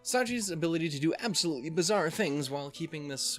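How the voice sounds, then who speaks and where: A man's voice: on the high side, fast, gravelly, few pauses, a bit bright, faint music behind. A man playing a visual novel on his channel, reading the text aloud between profane, self-deprecating, rambling asides. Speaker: let's player. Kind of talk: casual game commentary, reading text aloud.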